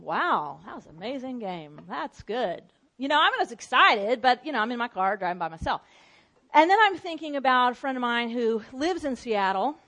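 A woman preaching with a high, bright voice. She tells stories in a loose conversational way. She acts out cheering crowds and spoken prayers as she goes. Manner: animated storytelling with acted-out shouts. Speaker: pastor. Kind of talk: sermon.

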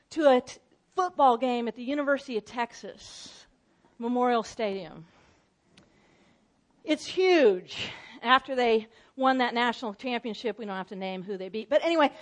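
A woman preaching a sermon in a conversational, storytelling way, acting out excited shouts and call-and-response scenes. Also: high-pitched. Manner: animated storytelling with acted-out shouts. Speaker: pastor.

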